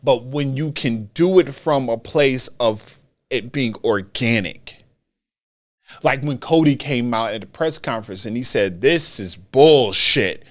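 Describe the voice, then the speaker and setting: Slow-talking man hosting a wrestling podcast. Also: mid-range voice. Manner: animated, repeats phrases for emphasis. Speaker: podcast host. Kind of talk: solo wrestling commentary podcast.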